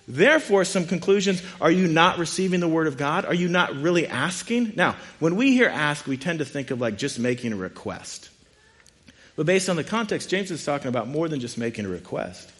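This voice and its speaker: Guy preaching a sermon, kinda high voice, chatty and jokey, lots of rhetorical questions. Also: a bit bright. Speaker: pastor. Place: room with a live congregation.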